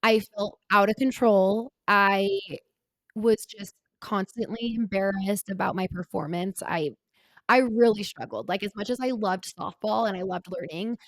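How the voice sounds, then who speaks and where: A woman in her twenties, a podcast co-host, talking candidly about her past in a halting, earnest way with many filler words. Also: medium pitch, dry recording. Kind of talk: candid personal conversation.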